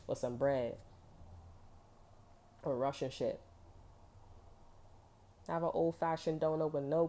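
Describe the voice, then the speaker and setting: A woman's voice: deep voice, mellow. A woman giving a casual tarot reading, blunt and profane, full of emphatic slang. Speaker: tarot reader.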